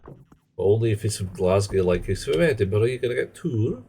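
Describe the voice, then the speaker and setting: A man's voice: on the low side, animated, moderate pace, warm tone, slight background noise. A man chatting casually on a live game stream, rambling and joking in muttered asides. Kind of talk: casual live-stream chat while gaming.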